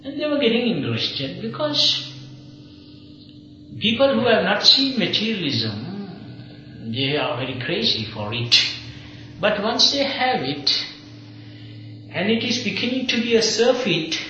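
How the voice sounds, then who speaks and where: Chuckling monk telling a story, echoey tape. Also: male voice, high-pitched, very animated, a little slow, long pauses, pushed and bright. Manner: chuckling storyteller, acts out dialogue. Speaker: Buddhist monk speaker. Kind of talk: anecdotal talk to a small group. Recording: echoey dull old tape, faint hiss.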